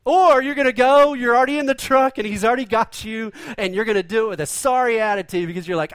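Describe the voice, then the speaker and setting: Pastor guy, kinda high voice, chatty sermon, asks the crowd stuff a lot, dry close sound. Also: quick pace, hardly any pauses, a bit bright, dry recording. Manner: folksy, conversational preaching with rhetorical questions.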